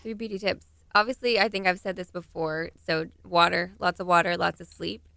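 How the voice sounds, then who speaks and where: A woman's voice: fairly low pitch, steady tone, a little fast, creaky, sharp tone, dry recording. A young woman with a Texan accent, a pageant titleholder chatting as a radio guest in an upbeat, giggly way. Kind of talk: casual radio interview.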